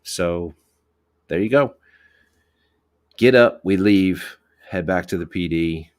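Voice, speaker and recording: A police officer telling a work story in a rambling, profane way, with many restarts. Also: male voice, low-pitched, slow pace, a little mellow. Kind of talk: casual podcast storytelling.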